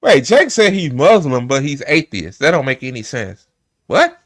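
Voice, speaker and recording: On a live stream, a man reacts to a clip with a heated, profane rant, emphatic and repetitive, swearing often. His mid-range voice is sing-song and fairly bright, at a moderate pace.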